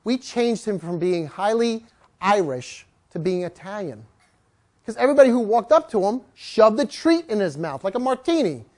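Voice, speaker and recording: Animated woman dog trainer with a lively pitch. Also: normal speed. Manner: animated, jokey, acts out voices of people and dogs. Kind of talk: live talk to an audience.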